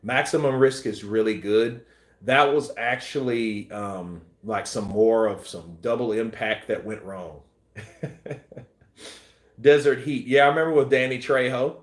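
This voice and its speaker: A man hosting a boxing news channel, chatting casually and acting out scenes with shouts and sound effects. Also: mid-range voice, measured pace, roomy sound. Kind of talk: casual live-stream chat.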